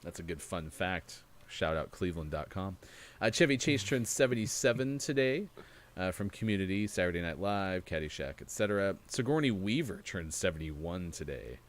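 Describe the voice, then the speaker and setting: A man's voice: deep voice, sing-song, normal speed. A man hosting a gaming morning show, chatting casually and rambling with laughs. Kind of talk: casual chat. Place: studio.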